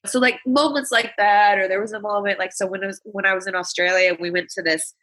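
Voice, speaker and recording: Blunt, bright-voiced woman comedian. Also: medium pitch, steady tone, fast. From Los Angeles, USA. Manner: blunt, profane, candid storytelling. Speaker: comedian guest. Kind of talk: casual interview chat.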